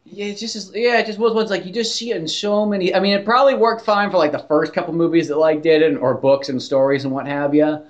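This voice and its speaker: A man's voice: high voice, quick pace, hardly any pauses, lo-fi sound. A man co-hosting a podcast in casual chat. He rambles, swears freely and leans on "like" fillers. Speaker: podcast co-host.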